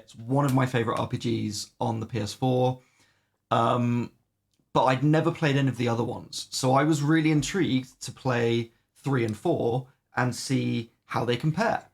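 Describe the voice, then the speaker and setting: A creaky, medium-pitched male voice belongs to a podcast co-host giving a loose review of games. His talk meanders, heavy on "um"s, with the odd offhand swear.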